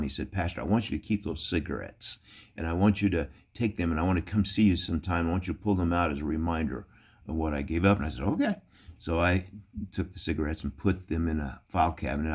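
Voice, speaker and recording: A middle-aged man, a pastor, telling folksy anecdotes in a relaxed storytelling sermon, chuckling now and then. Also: deep voice.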